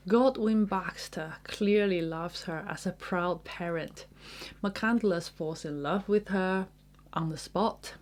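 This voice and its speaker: A woman giving literary commentary and reading book passages aloud in a measured, thoughtful way. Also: on the low side, creaky. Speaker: book reviewer.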